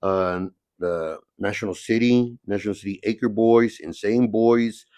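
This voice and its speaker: A middle-aged man from the San Diego area tells rough stories in a relaxed, low-pitched voice, swearing freely and checking in with "you know what I mean." The sound is close and dry. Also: unhurried, dry recording. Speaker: podcast guest. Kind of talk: casual storytelling, heavy cursing.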